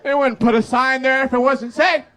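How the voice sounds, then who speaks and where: A man in his forties performing a high-energy stand-up set, telling a story animatedly on a comedy club stage. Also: steady tone, normal speed, pushed and bright, some chatter behind.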